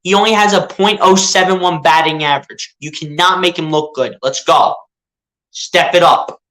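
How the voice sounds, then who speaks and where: A young man giving casual fan play-by-play of a baseball game, excitable and pleading with the players. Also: a little high, normal speed. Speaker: fan streaming live play-by-play.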